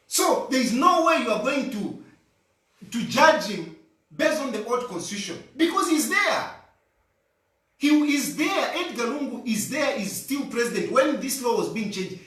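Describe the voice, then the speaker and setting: Zambian man, insistent political commentary, high voice, animated pitch, echoey room, a bit far from the mic. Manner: insistent, repeats points for emphasis. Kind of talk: argumentative monologue.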